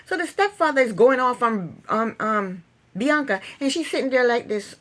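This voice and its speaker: A woman's voice: a little high, expressive, moderate pace, fairly bright tone. A woman casually recapping a reality TV episode, chatty and opinionated, retelling scenes and acting out quotes.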